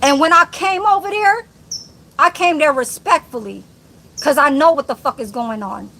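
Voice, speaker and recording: A woman with a high voice tears into a critic on her live stream, heavy with profanity and confrontational. She speaks straight at the person she's addressing, with a faint hum of noise behind her. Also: lively intonation, moderate pace, gravelly, bright, forceful tone. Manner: profane, combative, addresses viewer directly. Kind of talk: angry live-stream rant.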